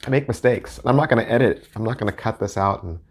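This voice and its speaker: A middle-aged deck collector and video host rambles casually while reviewing playing-card decks, joking and poking fun at himself. His voice is lowish and slightly rough, and he talks fast.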